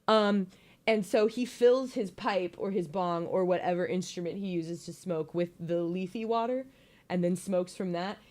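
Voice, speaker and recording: A woman's voice: on the low side, measured pace, a little mellow. A young woman giving a casual, joking slideshow presentation, playful and giggly with lots of ums.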